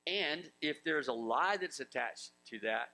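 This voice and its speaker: A man's voice: a little high, lively intonation, measured pace, creaky, sharp tone, low-quality recording. A man preaching a sermon in a conversational way, acting out biblical voices and chuckling as he goes. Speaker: pastor.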